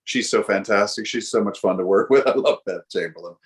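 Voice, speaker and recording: A middle-aged American man, a guest actor, telling lively anecdotes in a casual interview with frequent fillers. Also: lowish voice, a little fast. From United States.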